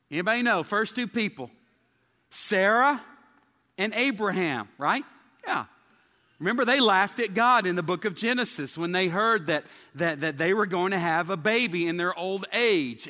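A man preaches a lighthearted sermon to his congregation. His voice sits high and sounds bright and forceful, and he keeps tossing questions out to the crowd. A long reverb from the church hall trails after his words. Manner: chatty, asks the congregation questions. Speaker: pastor. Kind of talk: humorous sermon. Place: church sanctuary.

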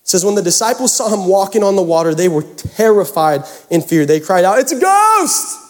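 A man's voice: high voice, a little fast, a little mellow. A man preaching a sermon, casual and joking as he talks straight to the congregation. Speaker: pastor.

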